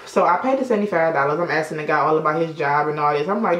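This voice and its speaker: A young beauty vlogger with a deep voice talks at a quick pace, telling chatty, swear-filled stories as she works through a makeup tutorial. The indoor room at sunset makes her sound reverberant.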